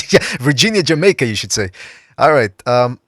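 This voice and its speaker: A man's voice: medium pitch, big pitch swings, normal speed, fairly bright tone, dry recording. Brief: male call-in host, casual and jokey, dry close sound. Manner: jokey, taking calls. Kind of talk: casual podcast chat.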